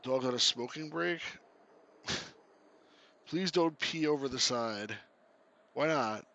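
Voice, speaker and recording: A man's voice: medium pitch, slow, creaky, bright, forceful tone, slight background noise. A man giving casual, chatty commentary while playing a game, reading the on-screen text aloud and laughing often. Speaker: game reviewer.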